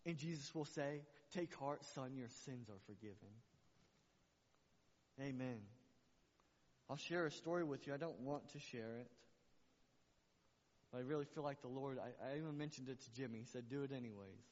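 A man's voice: medium pitch, a little fast, pauses often, a little mellow. A man preaching a sermon to his church, passionate and repeating phrases for emphasis. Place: church sanctuary. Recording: muffled recording with long hall reverb.

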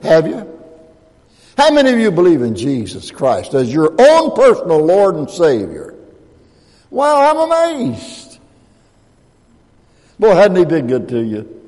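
A man's voice: on the high side, wildly swooping pitch, unhurried, long pauses, darkish tone. A man in his eighties preaching a sermon as pastor, folksy and joking with the congregation between points. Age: 80s. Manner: folksy, joking asides with laughter. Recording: long hall reverb.

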